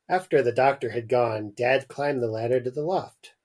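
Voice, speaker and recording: A man's voice: medium pitch, moderate pace, few pauses, a little mellow. A man host reading a weird children's story aloud on a podcast with dramatic emphasis. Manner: dramatic reading, breaks into laughter.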